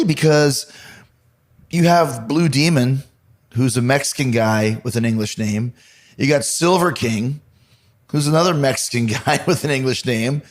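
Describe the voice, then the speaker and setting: Middle-aged man telling a lively story. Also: medium pitch. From Canada. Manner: animated, conversational storyteller. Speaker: podcast host. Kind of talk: casual storytelling monologue.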